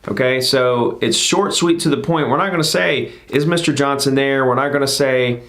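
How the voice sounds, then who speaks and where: A man's voice: mid-range voice, normal speed, fairly bright tone. A man coaching real estate agents on cold calling, upbeat and emphatic, often checking in with "okay?". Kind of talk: instructional talk to camera.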